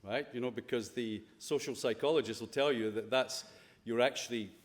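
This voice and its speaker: A Scottish man speaks at a school chapel service, loose and playful rather than preachy. His pitch sits in an ordinary middle range for a man. The voice carries a long reverb from the chapel hall around him. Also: moderate pace. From Scotland. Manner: conversational, playful, full of rhetorical questions. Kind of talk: informal chapel talk to students.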